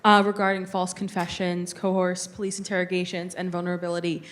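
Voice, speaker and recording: A woman's voice: on the low side, level tone, brisk. A young woman, a student, politely asking a prepared question from the audience.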